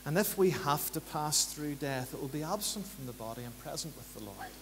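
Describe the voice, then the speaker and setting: Preacher guy, rhythmic and emphatic then going soft, echoey church. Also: lively intonation, fairly quick. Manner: rises to emphatic, rhythmic repetition, then drops low and quiet. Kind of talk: sermon. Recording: church hall reverb, faint hum.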